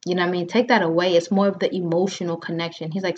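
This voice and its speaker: A woman in her thirties with a lowish voice tells a story on a podcast, talking very fast with hardly any pauses. Animated and full of fillers, she acts out the lines of the people involved, over dull lo-fi sound with a little hiss or hum.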